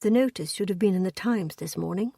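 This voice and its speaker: A woman voicing a young viscount who speaks quietly and firmly, in a storybook reading. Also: medium pitch, a little fast, creaky, husky, no echo, clean studio sound. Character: gallant young viscount husband, firm.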